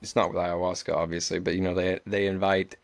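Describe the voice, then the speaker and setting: A man's voice: sits low, level tone, fast talker, vocal fry, no room sound. A man hosting a podcast, talking casually and hesitantly with many fillers. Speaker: podcast host. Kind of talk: casual conversation.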